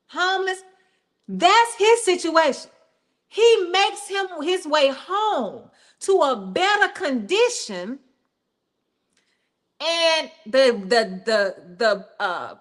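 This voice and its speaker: High-voiced woman pastor preaching. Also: slow. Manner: conversational, animated preaching with asides. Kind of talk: sermon.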